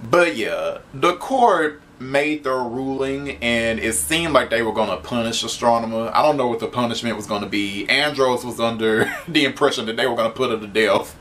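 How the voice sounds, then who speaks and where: A man's voice: medium pitch, lively intonation, normal speed, fairly bright tone. A man giving a casual spoken comic book review, chatty, laughing often and swearing freely.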